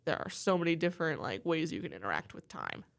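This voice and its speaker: A woman's voice: low voice, big pitch swings, fast talker, gravelly. A woman co-hosting a casual book podcast, bubbly, summarizing the story and laughing easily. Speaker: podcast co-host.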